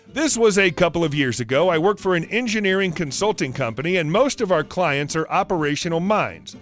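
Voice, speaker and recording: Lively high-voiced male story narrator. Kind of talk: reading online stories aloud. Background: faint guitar music.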